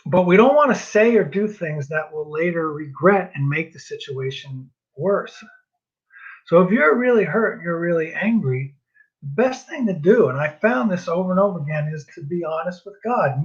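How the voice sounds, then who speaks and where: A man's voice: a little high, lively intonation, normal speed, slightly rough. A man from New Jersey teaching a marriage class in a casual, earnest way, repeating himself and making self-deprecating asides. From New Jersey, US East Coast. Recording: dull lo-fi recording.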